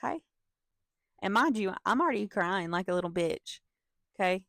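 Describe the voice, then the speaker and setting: A young woman tells a storytime in an animated, profane way, breaking off with laughs and asides to her viewers. Her voice sits at a middle pitch for a woman. The sound is close and dry, with no room echo. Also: normal speed, vocal fry. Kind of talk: casual storytime vlog.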